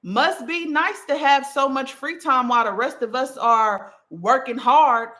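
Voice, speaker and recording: A woman's voice: fairly high pitch, moderate pace, pushed and bright. A woman voicing a snide, passive-aggressive female acquaintance who makes sing-song sarcastic digs. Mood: mocking.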